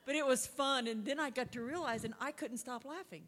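A woman's voice: on the high side, brisk, few pauses, a bit bright. Folksy woman in an echoey hall. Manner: folksy, laughing storyteller. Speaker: conference speaker. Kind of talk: testimony and church talk. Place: large conference hall.

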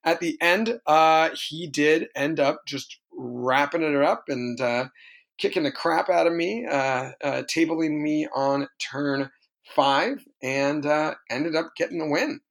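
Higher-voiced man recapping a tabletop match. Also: takes it slowly, gravelly, a bit bright. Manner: rambling, self-correcting game recap. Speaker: podcast co-host recounting a tabletop game. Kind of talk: casual podcast chat.

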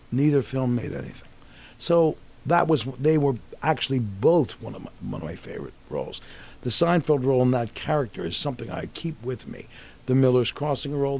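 Gravelly, husky man in his sixties. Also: medium pitch. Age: 60s. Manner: animated, rambling anecdotes with restarts. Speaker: actor guest. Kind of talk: casual storytelling interview.

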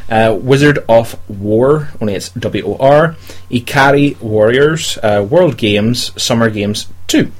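Man, podcast host, mid pitch, rambling, hesitant. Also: slow. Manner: rambling, hesitant, many ums. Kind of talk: casual chat, reading a list.

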